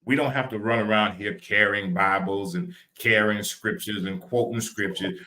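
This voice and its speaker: A man from Louisiana, co-hosting a live podcast chat in an animated, preachy way, often repeating words. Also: on the low side, moderate pace. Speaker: podcast co-host. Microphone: video call.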